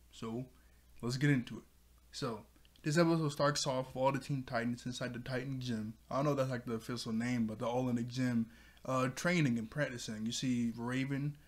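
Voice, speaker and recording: A man hosting his own channel, casually recapping a cartoon episode with loose filler words and frequent laughs. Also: mid-range voice. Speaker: show reviewer and channel host.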